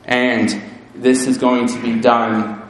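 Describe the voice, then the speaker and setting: A man's voice: level tone, slow pace. Male preacher, earnest and solemn, strong room echo. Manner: earnest, builds to fervent emphasis, then drops low and solemn. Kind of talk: sermon. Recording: very echoey room.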